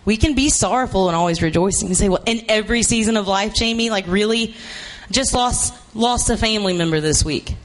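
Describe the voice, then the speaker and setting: A man preaching a sermon, emphatic and repetitive, rising to shouts for emphasis. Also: high-pitched, fairly quick.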